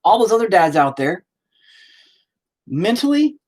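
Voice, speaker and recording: A man's voice: high voice, sing-song, measured pace. A man telling a rambling, profane story in casual chat while live-streaming his painting.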